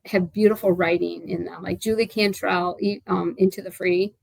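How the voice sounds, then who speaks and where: A woman's voice: lowish voice, fairly even intonation, moderate pace, gravelly, darkish tone, no room sound, low-quality recording. A woman in her sixties, an author being interviewed, talking in a chatty, rambling way with lots of fillers and restarts. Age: 60s. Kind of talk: casual interview chat.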